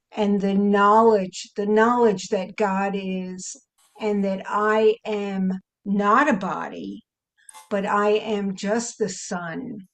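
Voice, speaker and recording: Slow, lively woman sharing spiritual reflections. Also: medium pitch. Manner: animated, laughing often, quoting with lively emphasis. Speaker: group participant.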